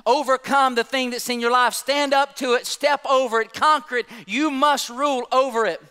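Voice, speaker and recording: A man's voice: very high voice, steady tone, normal speed, bright, forceful tone, smooth, big-room sound. A man preaching a sermon as pastor, impassioned and conversational, acting out scripture scenes in everyday speech. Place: church sanctuary.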